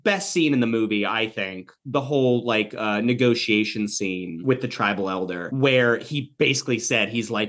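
A man's voice: on the low side, moderate pace, hardly any pauses. A man co-hosting a podcast, talking casually about a film, rambling with lots of fillers and swearing. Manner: rambling, animated, swears a lot, many fillers. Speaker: podcast co-host. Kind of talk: casual movie discussion.

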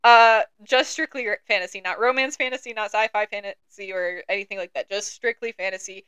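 A woman's voice: mid-range voice, a little fast, bright, forceful tone, clean tone, no echo. A young woman co-hosting a book podcast, chatty and joking, laughing often. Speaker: podcast co-host. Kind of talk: casual chat about books.

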